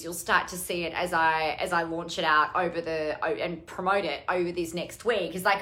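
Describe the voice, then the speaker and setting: A woman's voice: fairly low pitch, pushed and bright. A middle-aged woman coach talking casually on a live stream, chatty and rambling, with some casual swearing. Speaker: online business coach.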